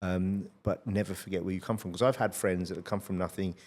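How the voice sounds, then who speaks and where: A middle-aged man with a fairly low voice hosts a podcast in relaxed conversation. He tells energetic, blunt anecdotes and swears freely. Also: a little fast. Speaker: podcast host. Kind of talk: casual conversational storytelling.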